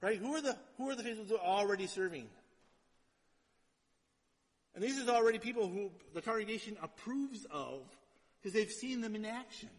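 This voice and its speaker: A male pastor delivers a casual, conversational sermon, repeatedly asking his congregation "right?" His voice is high for a man, animated and fairly quick, with frequent pauses. The long reverb of a large hall surrounds him.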